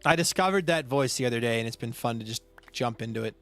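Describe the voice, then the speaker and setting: A man streaming a game, chatting casually and answering his viewers' chat with quick asides. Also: mid-range voice, fairly bright tone. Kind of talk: casual live-stream chat while gaming.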